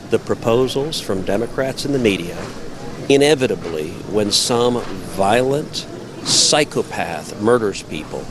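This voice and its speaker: Evasive male politician, deep voice, street traffic behind. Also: lively intonation, measured pace. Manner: evasive, dismissive. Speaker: senator. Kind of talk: outdoor news interview.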